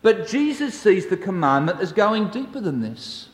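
Heard from afar in a big, echoing hall, a man delivers a sermon at an unhurried pace, his fairly high voice swinging widely in pitch as he tells stories in a slow, measured manner.

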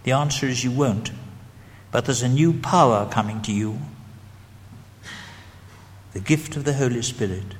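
A man preaching an evangelistic sermon, gently and deliberately leading the listeners through prayers. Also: medium pitch. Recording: long hall reverb.

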